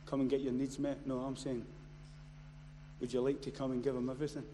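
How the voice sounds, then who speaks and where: A man preaching a sermon. He moves from quiet storytelling to loud, impassioned shouting. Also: medium pitch, flat delivery, brisk. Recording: long hall reverb, faint noise.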